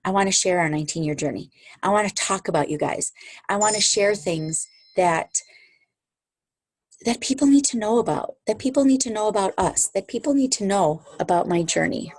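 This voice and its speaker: A woman's voice: lowish voice, no echo. Upbeat woman leading a sales call. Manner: upbeat, encouraging, chatty with asides. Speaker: sales team leader. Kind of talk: motivational team meeting on video call. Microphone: video call.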